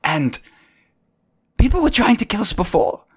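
A man's voice: high-pitched, big pitch swings, moderate pace, breathy edge, pitched above the performer's own voice, heavily acted. A man doing a sneering, hostile older brother. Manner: sneering, sarcastic and threatening. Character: hostile, sarcastic boy, protective older brother.

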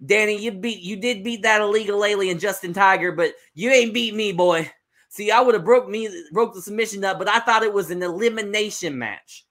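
A man voicing a boastful redneck wrestler with a put-on Southern drawl, trash-talking and whining loudly. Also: high-pitched, pitched above the performer's own voice. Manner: boastful trash talk, rising to whiny outrage. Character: brash redneck male wrestler, boastful and whiny.

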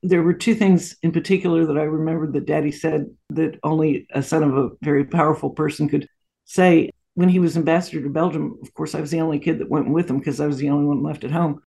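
A woman's voice: deep voice, steady tone, fast, vocal fry. A woman in her sixties, a guest in an interview, telling family stories anecdotally with frequent asides. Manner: warm anecdotal storytelling with frequent laughs and asides. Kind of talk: storytelling interview.

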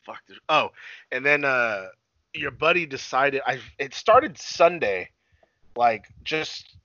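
A man's voice: mid-range voice, sing-song, slow, bright, forceful tone, dry recording, lo-fi sound. A young man co-hosting a casual podcast, profane and self-deprecating, laughing often. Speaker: podcast co-host.

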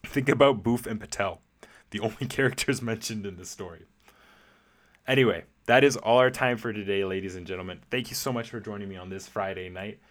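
Young male podcast host, somewhat low voice, playful and rambling, laughs often. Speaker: podcast host answering voice messages. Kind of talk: casual, rambling monologue.

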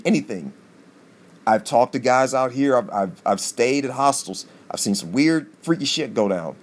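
A male podcast host tells a rambling comic story, swearing freely. His pitch leaps upward whenever he stresses a point, which gives the monologue an animated, excitable edge. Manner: animated, profane, jumps in pitch for emphasis.

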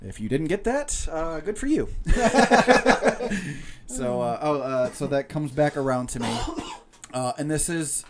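A man's voice: on the high side, expressive, takes it slowly, a crowd in the background. Laughing young man rambling through jokes. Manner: laughs a lot, rambling storyteller with restarts. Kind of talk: casual joke-telling chat.

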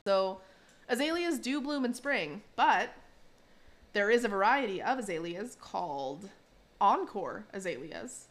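A woman's voice: mid-range voice, expressive, measured pace. A young adult woman chatting on a podcast, recapping a story with frequent giggles. She slips into playful character voices as she retells scenes, easygoing and talkative. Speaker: podcast co-host recapping an episode. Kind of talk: casual chat.

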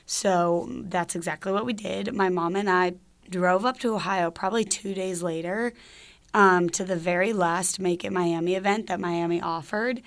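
Chatty young woman with a low voice. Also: steady tone, normal speed. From Georgia, US. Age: young adult. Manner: chatty, full of "like" fillers. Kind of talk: casual personal storytelling.

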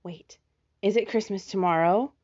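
A woman's voice: mid-range voice, normal speed, darkish tone, no room sound, highs cut off, close to an everyday voice. A woman voicing a little girl fox kit who fires off questions in a storybook reading. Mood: curious.

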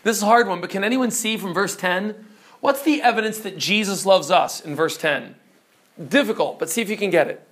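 High-voiced preacher quizzing his listeners. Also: fairly quick, fairly bright tone. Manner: emphatic, questions the listeners. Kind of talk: teaching sermon.

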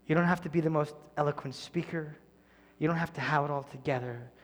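A man preaching a sermon as pastor, earnest, often sinking to a soft near-whisper. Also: fairly high pitch, brisk, in a large hall.

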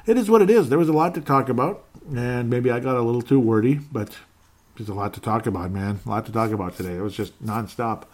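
A man's voice: mid-range voice, steady tone, fast talker. A man hosting a fan podcast, reading listener comments aloud in a casual, joking way and laughing often. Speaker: podcast host.

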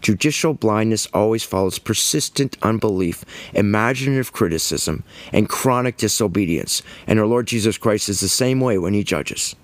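A man's voice: fairly low pitch, expressive, normal speed, no room sound. A man preaching a sermon, emphatic and scornful, firing rhetorical questions at his listeners.

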